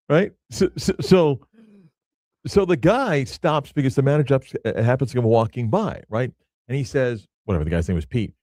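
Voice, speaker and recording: A man hosting a sports talk radio show from a studio, telling stories in an animated way and laughing often. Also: mid-range voice, brisk, dry recording.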